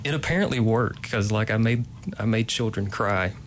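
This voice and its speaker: A playwright guest in his late twenties from Kentucky, USA, talks casually in an interview. His voice sits low, and he's hesitant, full of ums, pauses, and restarted sentences, with faint noise in the background.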